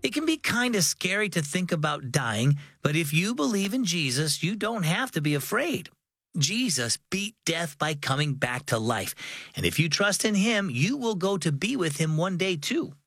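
A young man hosting a children's devotional program, giving friendly, clear scripted narration. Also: a little high, sing-song, moderate pace, fairly bright tone, dry recording. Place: studio.

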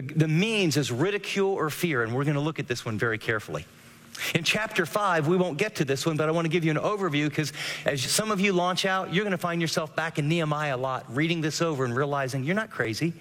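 Animated preaching man, long reverb. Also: fairly high pitch. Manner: animated preaching with sudden rises and drops. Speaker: pastor. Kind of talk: radio sermon.

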